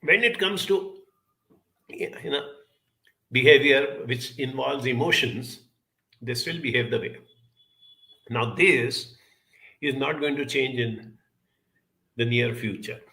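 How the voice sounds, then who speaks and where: Gravelly bright-voiced man telling a story. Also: mid-range voice, rough recording. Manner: storytelling, quoting others in lively voices; unhurried, spoken as if to listeners. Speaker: self-help speaker. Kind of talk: reflective talk with personal story.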